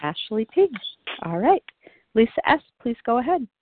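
A woman chairing a call-in meeting, brisk and polite as she calls on speakers. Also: a little high, sing-song. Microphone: phone call-in. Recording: dry tinny phone line.

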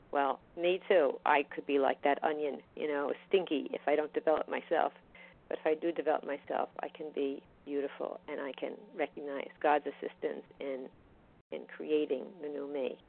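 A woman's voice: sits low, creaky. A woman sharing thoughtfully at a recovery meeting, plain-spoken and reflective. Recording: tinny phone line.

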